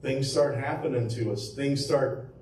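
A man's voice: medium pitch, measured pace, darkish tone, slight background noise. A man preaching as pastor, telling the story conversationally with rhetorical questions and fillers. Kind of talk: sermon. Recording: echoey room from far off with faint ambience.

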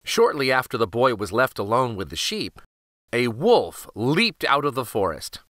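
A man reading a fable aloud for children, expressive and animated. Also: medium pitch, unhurried, dry recording, clean studio sound. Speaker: children's storyteller. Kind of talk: read-aloud for kids.

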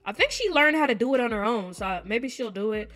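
Chatty woman with a high, lively voice. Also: a little fast. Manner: chatty, expressive, reads game text aloud. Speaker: gaming video host. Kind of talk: casual let's-play commentary to viewers.

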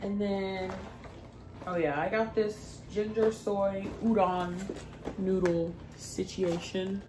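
A woman's voice: medium pitch, steady tone, slow pace. A woman casually chatting through a grocery haul, laughing easily and drawing out product names. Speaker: vlogger. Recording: echoey room with noise.

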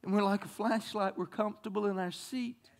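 A man with a strikingly high voice delivers a sermon from a church pulpit. He preaches with fervor, stumbling over repeated words as his delivery swells and softens. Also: fairly even intonation, fairly quick. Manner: impassioned preaching with frequent word repeats. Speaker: pastor.

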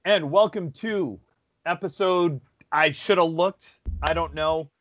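A man's voice: fairly high pitch, slow pace, fairly bright tone. A man hosting a podcast in casual chat, self-deprecating and rambling with restarts, talking over a video call. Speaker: podcast host.

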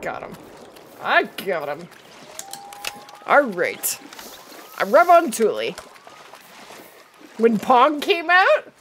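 A woman's voice: on the high side, wildly swooping pitch, extremely slow, long pauses, fairly bright tone, slight background noise. A middle-aged woman streaming a hunting game live, chatting with viewers and answering their comments as she plays.

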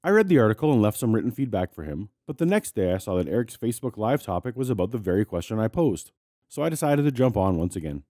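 A man's voice: lowish voice, sing-song, fast, mellow, no room sound. A man hosting a commentary show, who narrates a scripted video in a dry, snarky way while sick and congested. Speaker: host.

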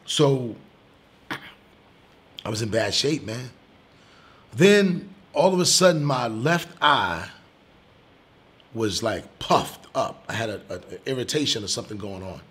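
Man, comedian, husky voice, middle pitch, casual storytelling, animated, swears, loud bursts. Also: measured pace, long pauses. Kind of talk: storytelling in an interview.

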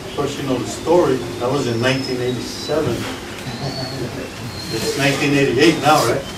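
A man preaching a sermon as a pastor, giving an emotional testimony that swings from loud to hushed. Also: mid-range voice, steady tone, moderate pace. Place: church hall. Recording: echoey hall with background noise, from a distance.

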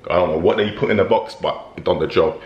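A man's voice: low-pitched, quick pace, reverberant, highs cut off. A British man co-hosting a casual vlog, laughing and teasing through banter and a sponsor segment. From Britain. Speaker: co-host.

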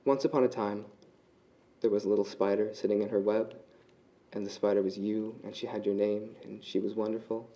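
A man reading his own short literary fiction aloud at a live reading, in a measured, dry, deadpan delivery. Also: lowish voice, poor audio.

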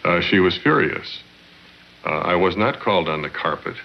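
A man recalling events in a documentary interview, with measured, formal storytelling. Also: deep voice, animated, creaky, a little hiss or hum. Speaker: former diplomat interviewee. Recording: muffled archive documentary audio.

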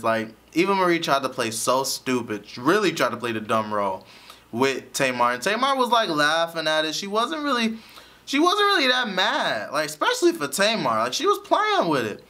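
A man's voice: a little high, very animated, normal speed, pushed and bright. A man giving a casual, chatty recap of a TV episode, often laughing as he tells it. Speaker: show reviewer.

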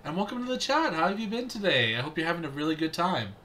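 Excitable, bright-voiced male streamer. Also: fairly high pitch, fast, a little hiss or hum. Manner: excitable, laughs often, greets chat. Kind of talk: casual gameplay commentary.

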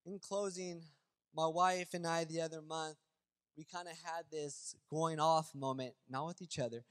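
A man's voice: a little high, moderate pace, smooth. Impassioned male pastor in a reverberant sanctuary. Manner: animated preaching, swings from loud to hushed; casual, addresses crowd as y'all. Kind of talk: sermon. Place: church sanctuary. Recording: long hall reverb, faint music.

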